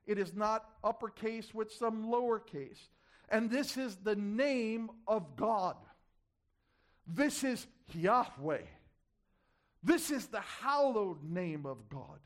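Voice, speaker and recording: A man preaching a sermon, repeating key words for emphasis and asking the congregation rhetorical questions. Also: high-pitched.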